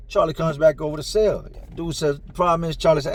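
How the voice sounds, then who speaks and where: A man's voice: a little high, fairly quick. A man telling a first-person story in a casual way, acting out the dialogue with slang. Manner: animated, acts out dialogue with slang.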